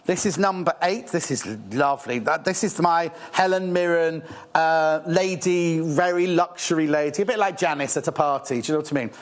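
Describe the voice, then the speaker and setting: A British man presenting fabrics on a live TV shopping channel, rushed, gushing and a little out of breath. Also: fairly high pitch.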